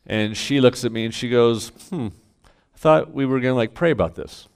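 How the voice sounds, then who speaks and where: A middle-aged man, a pastor, telling a candid family story to a congregation, self-mocking and swinging from quiet asides to loud punchlines. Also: mid-range voice, moderate pace, gravelly, clear, resonant tone. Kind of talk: storytelling sermon.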